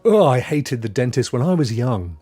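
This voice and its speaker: A British man in his fifties hosts a casual live stream, chatting easily and chuckling as he greets viewers by name. His voice is slightly husky, and his pitch rises and falls a lot as he talks. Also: sing-song, normal speed, mellow, faint music behind. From United Kingdom.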